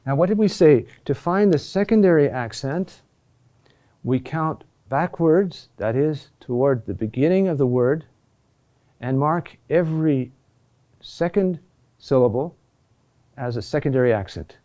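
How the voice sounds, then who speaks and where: A middle-aged man teaching a recorded lesson, speaking in a halting way with many fillers and restarts. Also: on the high side, lively intonation, mellow. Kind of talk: recorded lesson on Latin chant accentuation.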